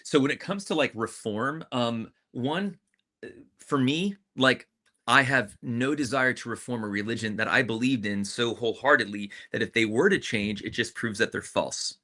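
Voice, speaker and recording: Bright-voiced animated man, frank storyteller. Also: medium pitch, normal speed. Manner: animated, swings between loud and soft, swears freely. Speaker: interview guest, professional dancer. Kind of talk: candid interview storytelling.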